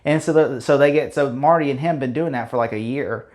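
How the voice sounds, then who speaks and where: A man's voice: medium pitch, a little fast, darkish tone. A man giving a casual spoken movie review, rambling through the plot with many fillers and restarts, blunt and opinionated.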